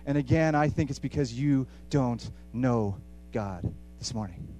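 A man preaching a sermon with passion, repeating phrases for emphasis and swinging between hushed and loud. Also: mid-range voice, a little slow, soft background music.

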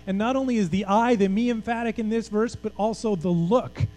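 High-voiced man preaching with mains hum. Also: a little fast, darkish tone, low-quality recording. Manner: emphatic, conversational preaching with rhetorical questions. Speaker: pastor. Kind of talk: sermon.

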